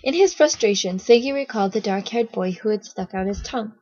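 A woman reading a children's novel aloud, in a steady storytelling manner with small slips. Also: medium pitch, brisk, breathy edge, dry recording. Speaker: reader, narrator. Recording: dull lo-fi recording.

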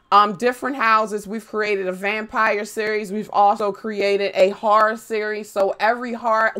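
With a mid-range voice, a young woman livestreams a game, cursing playfully, chatting with her audience and squealing loudly whenever she says hello to someone.

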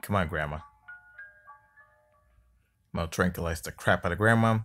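A man with a low, deep voice talks through a mobile game he is playing, in loose, casual commentary. He sounds exasperated, grumbles and curses at the game, and now and then mocks the enemy. It is picked up on a phone microphone. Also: moderate pace, a bit bright, soft background music. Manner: taunts the game enemy mockingly. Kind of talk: casual let's-play commentary. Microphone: phone screen-recorder mic.

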